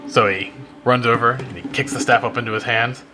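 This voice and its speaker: A man's voice: medium pitch, steady tone, fairly quick, music in the background. A man playing a tabletop game, describing his character's attacks in a playful, laughing way. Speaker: player. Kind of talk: casual tabletop game play.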